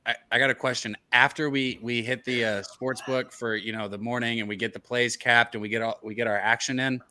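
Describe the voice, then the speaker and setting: A man on a sports gambling stream with a bright, forceful voice. He jokes around and rambles, tripping over his words as he goes. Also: mid-range voice, fairly even intonation, a little fast, a little hiss or hum. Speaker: podcast co-host. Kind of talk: casual sports chat.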